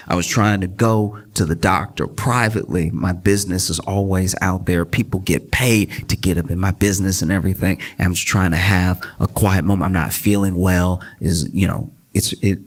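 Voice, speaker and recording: A male stand-up comedian telling a story on stage in an animated, conversational, self-deprecating way. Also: low-pitched, brisk, few pauses. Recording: live room with loud audience. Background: audience laughter.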